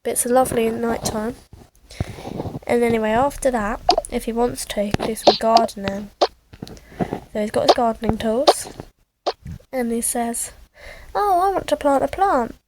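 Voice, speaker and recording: A woman telling a game story in a chatty, sing-song way, over loud game music. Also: fairly high pitch, level tone, normal speed, pauses often, heavy background noise. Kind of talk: narrating a game playthrough story.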